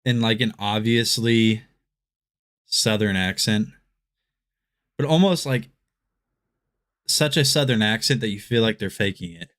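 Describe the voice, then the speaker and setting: A man's voice: on the low side, a little slow, long pauses, a bit bright. A young adult man hosting a live shopping stream, chatting casually and rambling with lots of restarts. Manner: laughs often and rambles with restarts. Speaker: livestream shopping host.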